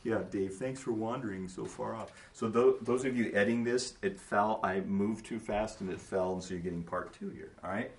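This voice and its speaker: A man pastor teaching a congregation in a relaxed, conversational sermon style, telling stories with asides to his listeners. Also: fairly low pitch, moderate pace, hardly any pauses. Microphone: distant mic. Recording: echoey room from far off, faint noise.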